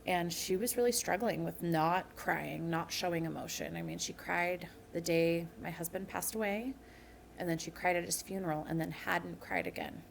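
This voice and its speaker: Woman with a low gravelly voice. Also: steady tone, moderate pace. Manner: earnest, personal storytelling. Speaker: podcast guest. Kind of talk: candid interview conversation. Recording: faint background noise.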